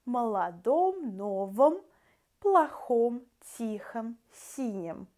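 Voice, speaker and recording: A woman with a Russian accent gives a language lesson in a fairly high voice. She talks at an unhurried, deliberate pace and calls her viewers dear friends. She stops often to sound out word endings one by one. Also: very animated, a little mellow. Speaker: language teacher.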